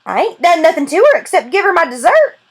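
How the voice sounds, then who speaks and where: A woman's voice: extremely high pitch, very animated, fast, voice pushed up. A woman reading aloud voices a teasing old Southern grandfather with a drawling, country way of talking.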